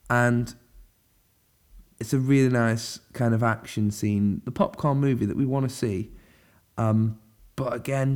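A man's voice: medium pitch, gravelly, warm tone. A man giving a casual, rambling spoken film review, full of fillers and restarts.

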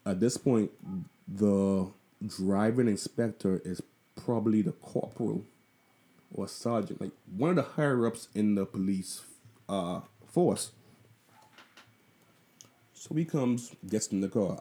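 A young man with a Bahamian accent tells a story casually, swearing freely and breaking off for asides. His voice sits on the low side, with a very dark, mellow tone. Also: measured pace. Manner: profane, loose and conversational, with lots of asides. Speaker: vlogger.

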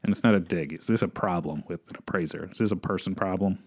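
A man's voice: sits low, quick pace. A man co-hosting a real estate podcast, chatting casually and reading oddball news stories in a newsreader manner. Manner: reads news items in a mock radio style. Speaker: podcast co-host.

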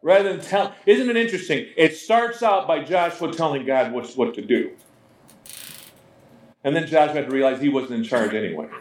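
A man preaching a sermon as pastor, in a conversational, animated way, often slipping into voices. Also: fairly high pitch, normal speed. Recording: roomy echo.

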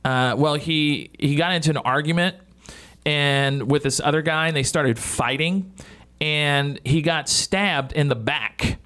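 A man's voice: fairly high pitch, a little slow, bright, forceful tone, smooth. A man in his thirties hosting a casual radio talk show, joking and swearing freely.

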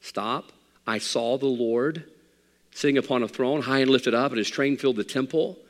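A middle-aged man preaching a sermon as pastor, animated and rising to near shouts. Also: mid-range voice, moderate pace, long reverb tail. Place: church sanctuary.

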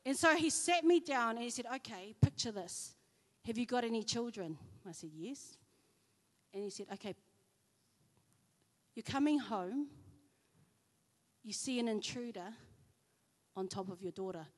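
A woman speaks at church, giving a chatty sermon full of personal stories told with animation and lots of fillers. Her voice sits on the high side, unhurried, with long pauses. Hall reverb surrounds the recording.

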